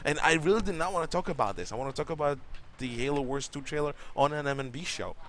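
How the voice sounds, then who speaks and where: A man's voice: a little high, quick pace, a bit bright. Young guy rambling on about games on a late night stream, cusses a lot, faint hiss behind. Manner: rambling, opinionated, swears freely. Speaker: co-host of a gaming stream. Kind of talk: casual gameplay chat.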